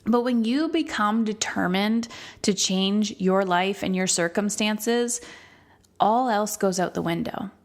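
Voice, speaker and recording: A woman's voice: medium pitch, slow. A woman hosting a solo podcast as a coach, speaking candidly and emphatically and swearing freely.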